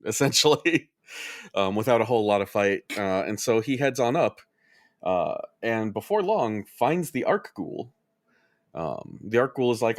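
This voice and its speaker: A man's voice: mid-range voice, a little slow, no room sound, studio quality. A man on a podcast panel, casually recapping a game's story with frequent ums and uhs. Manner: relaxed, many ums and uhs, chuckles often. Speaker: podcast panelist summarizing a game plot.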